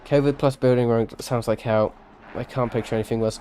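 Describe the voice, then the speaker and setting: A man's voice: mid-range voice, fairly even intonation, moderate pace, a little mellow, a little hiss or hum. A man giving live-streamed sim racing commentary, chatty and rambling, with self-deprecating asides and a tired edge.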